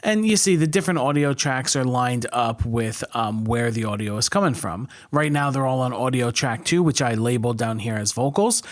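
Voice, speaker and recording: A man hosting a software tutorial, calmly walking through editing steps with occasional fillers. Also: mid-range voice, normal speed, few pauses. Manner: relaxed step-by-step explaining, with fillers. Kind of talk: screen-recorded editing tutorial.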